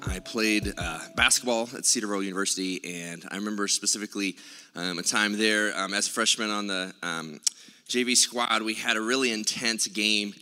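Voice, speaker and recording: Bright-voiced male pastor in a reverberant hall. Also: lowish voice, moderate pace, smooth, faint music behind. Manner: conversational storytelling, many filler sounds. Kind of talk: sermon. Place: church sanctuary.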